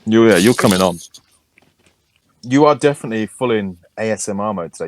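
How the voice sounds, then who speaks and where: A man's voice: fairly low pitch, lively intonation, a little fast, long pauses, dry recording. A man, co-hosting a podcast in a casual, crude, joking chat. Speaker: podcast co-host.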